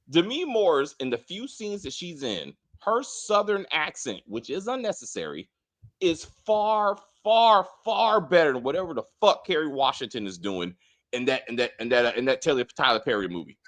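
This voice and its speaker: A man's voice: on the high side, very animated, normal speed, pushed and bright. A man co-hosting a casual TV spoiler review, ranting emphatically with plenty of profanity. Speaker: co-host of a TV review show.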